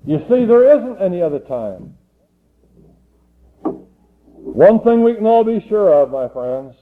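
A man, an evangelist preaching a sermon and telling a story, pressing hard and building to fervent pleas. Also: a little high. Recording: tinny phone-like old recording.

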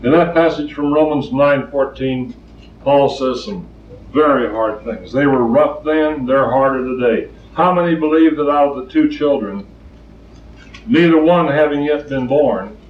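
Unhurried and medium in pitch, the older male preacher tells stories in a plainspoken sermon, repeating points emphatically to drive them home. He's far from the mic in a roomy space, and the recording comes across dull and lo-fi.

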